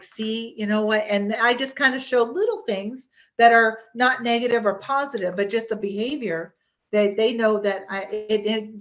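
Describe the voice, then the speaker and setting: A woman's voice: fairly high pitch, a bit bright, highs cut off. Chatty woman teaching a hypnosis workshop. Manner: chatty, rambling, with many restarts and fillers.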